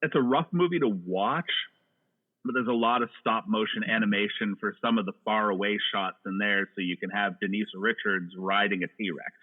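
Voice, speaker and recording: A man's voice: on the low side, moderate pace, husky. A man chatting casually about movies, rambling and joking with lots of restarts. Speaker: podcast guest. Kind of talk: casual chat. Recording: tinny phone-like line.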